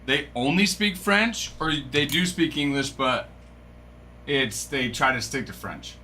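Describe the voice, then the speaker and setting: A man's voice: mid-range voice, a little slow, sharp tone, a little hiss or hum. A man hosting a card-break live stream, chatting casually with viewers and musing aloud. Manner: chatty, musing aloud, reads from a screen, stumbles over French names.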